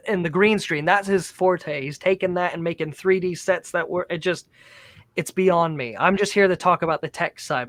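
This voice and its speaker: Chatty man with a slightly high voice. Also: a bit bright, dry recording. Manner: eager, talkative explainer. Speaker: professional Santa performer and guest. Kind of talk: casual interview chat. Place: home studio decorated with Christmas trees.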